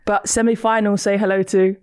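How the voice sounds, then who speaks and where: A woman's voice: mid-range voice, a little fast, clean tone, no echo. A woman hosting a rugby podcast, teasing her co-hosts and steering a casual studio conversation. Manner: lively, teasing, steers the talk.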